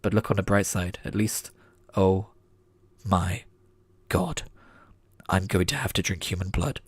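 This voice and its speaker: Low-voiced man reading his old fiction. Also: fairly even intonation, normal speed, slightly rough, no echo. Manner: wry and self-mocking in his asides. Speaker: channel host. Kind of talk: reading his teenage fan fiction aloud with commentary.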